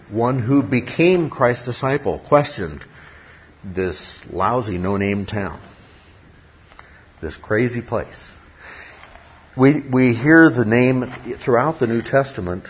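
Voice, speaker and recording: Slow, emphatic male Bible teacher. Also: medium pitch, a little hiss or hum. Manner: emphatic, repeats key words, asks rhetorical questions. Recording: dull lo-fi recording with faint ambience.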